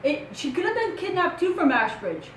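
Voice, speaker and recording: French-accented woman, true crime vlogger, high voice, casual and questioning, faint room hum. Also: moderate pace, reverberant, low-quality recording. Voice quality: animated, wondering aloud with rhetorical questions. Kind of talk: casual true crime commentary, reading news aloud.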